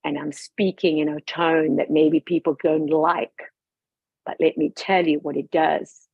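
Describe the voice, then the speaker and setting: Gravelly, outspoken woman guest. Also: low voice, level tone, a little slow, no echo. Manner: emphatic, forthright and outspoken. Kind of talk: passionate personal talk. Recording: dull lo-fi recording.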